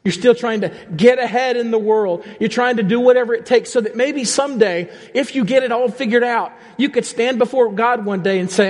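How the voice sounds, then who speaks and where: A male pastor delivering an animated sermon, speaking straight to the congregation with frequent questions. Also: very high voice, fairly quick, hardly any pauses. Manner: animated preaching, rising and falling, direct questions to the congregation. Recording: long reverb of a church hall.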